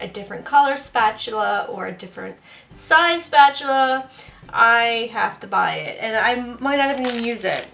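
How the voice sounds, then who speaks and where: A woman's voice: fairly high pitch, creaky, bright, forceful tone. A woman soap maker chatting casually as she works, laughing now and then through her stories. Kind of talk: casual crafting vlog narration.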